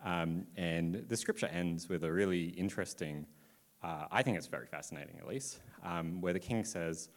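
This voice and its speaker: A man with a very low voice gives a relaxed Bible talk to a group gathered in a room. He speaks loosely and informally, filling pauses with plenty of ums as he paraphrases the story. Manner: casual, many filler ums, loosely paraphrasing. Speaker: church speaker. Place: indoor room with listeners.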